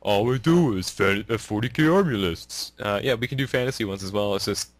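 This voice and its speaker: A man's voice: fairly low pitch, fairly quick, no echo. Man, from Canada, podcast host, casual rambling chat, frequent laughter, dry recording. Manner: rambling, laughs often, many fillers.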